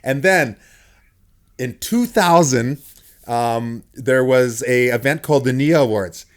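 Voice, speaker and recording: A middle-aged man hosting a podcast, telling stories in a casual, animated way and laughing often. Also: medium pitch, slow pace. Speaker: podcast host. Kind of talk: casual storytelling chat.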